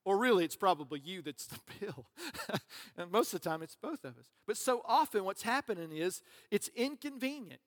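A man's voice: sits high, animated, normal speed, a bit bright. A man preaching a sermon as pastor, conversational and joking, with asides to the congregation. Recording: long reverb of a large hall.

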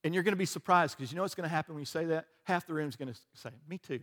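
A man's voice: a little high, very fast, fairly bright tone. A man, a pastor preaching a conversational, joking sermon and often asking his listeners "right?".

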